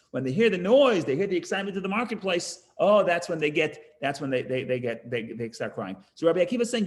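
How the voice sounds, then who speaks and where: A man teaching a text-study class, explaining with animated emphasis, often restarting phrases and trailing off quietly. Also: sits high. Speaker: Torah teacher.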